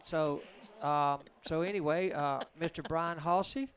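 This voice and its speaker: Male pool commentator, high voice, chatty yarn-spinner in the booth. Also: steady tone, measured pace, fairly bright tone. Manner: chatty, joking storyteller.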